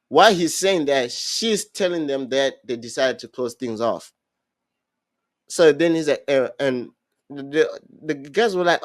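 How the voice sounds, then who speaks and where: A young man hosting a podcast, casually recapping a reality show and acting out what people said, with many halting restarts. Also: a little high, no echo. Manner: animated storyteller, acts out quotes, halting restarts. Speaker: podcast host.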